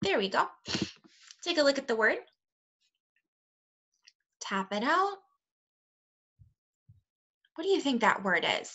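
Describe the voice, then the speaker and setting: A woman with a bright, clear voice leads a remote phonics lesson for second graders. She talks slowly and plainly, sounding words out and praising the kids often. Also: high voice, sing-song. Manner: slow, clear, encouraging teacher talk to young children.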